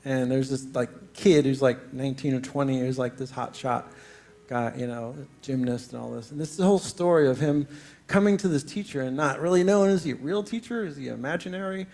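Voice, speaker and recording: A man's voice: medium pitch, brisk, gravelly, darkish tone. A middle-aged man, a singer-songwriter and spiritual teacher, rambling through a story between songs with many fillers and frequent laughs. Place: spiritual center stage.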